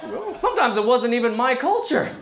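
A young man from Alberta performing a stand-up comedy set on a club stage, animated and playing quoted people in high voices. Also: brisk. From Alberta, Canada. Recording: roomy live club recording with crowd laughter.

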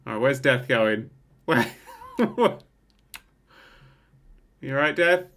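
A man hosting a gaming channel, commentating on a game in an excitable way, often swearing and breaking into laughter. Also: medium pitch, brisk.

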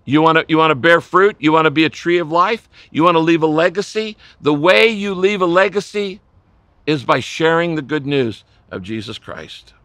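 A man preaching a sermon as pastor, impassioned, swinging between loud emphatic lines and hushed, low ones. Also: moderate pace, no echo.

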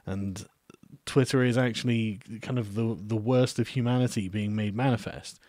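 A man hosting a casual live stream, reading out viewer messages and answering them in a relaxed, hesitant way with frequent ums and easy laughs. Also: fairly low pitch, normal speed, dry recording, studio quality.

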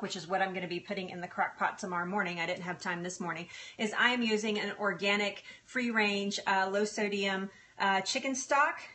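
In a mid-range voice with a little hiss or hum in the audio, a woman hosts a live cooking stream from home. She's chatty and bubbly, talking to the food and warmly thanking viewers, and faint sizzling and stirring can be heard.

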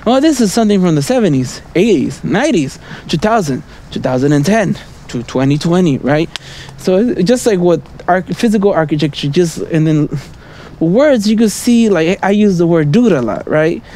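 Rambling high-voiced man on a night walk. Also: lively intonation, moderate pace, warm tone, slight background noise. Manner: meandering and casual, constantly asking "right?" and "you know?"; chuckles between thoughts. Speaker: vlogger. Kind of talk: rambling stream-of-thought monologue. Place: outdoors on a city street at night.

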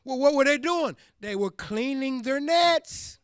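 A pastor preaching a sermon, repeating phrases for emphasis and building up to shouts. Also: male voice, very high-pitched, animated, a little slow, hardly any pauses, dry recording, clean studio sound.

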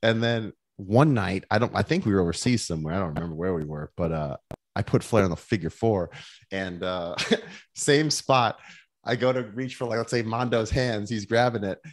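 A man's voice: lowish voice, normal speed. Laughing man telling a backstage story. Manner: animated, laughs often, repeats himself. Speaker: podcast guest. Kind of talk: casual storytelling anecdote.

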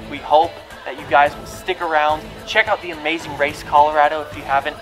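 Upbeat young-sounding male host. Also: a little high. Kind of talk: hosting a fan-made reality show.

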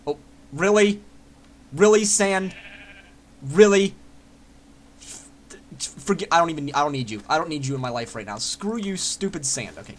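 A young man giving casual, excitable commentary while playing a building game, chatting to himself and swearing freely. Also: on the high side, a little hiss or hum. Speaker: Minecraft let's player.

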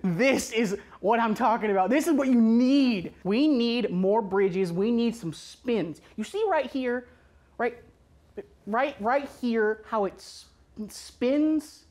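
A woman doing a loud, boastful Southern patriot for a comedy sketch, high-pitched and whooping. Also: takes it slowly. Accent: exaggerated American Southern.

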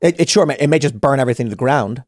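A man's voice: mid-range voice, animated, rapid-fire, darkish tone, no room sound. A man hosting a podcast, talking casually and animatedly, acting out imagined dialogue with many restarts, close to a studio mic. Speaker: podcast host.

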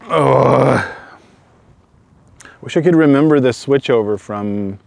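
A man of medium pitch with a creaky voice takes it slowly as he tries bagpipes for the first time, vlogging on his own outdoors. The recording is dry, and he thinks aloud in a self-deprecating way, chuckling along.

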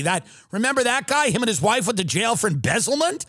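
A man's voice: high-pitched, sing-song, a little fast, few pauses, bright, forceful tone, dry recording, clean studio sound. A man hosting a comedy podcast, delivering a mocking, profane rant.

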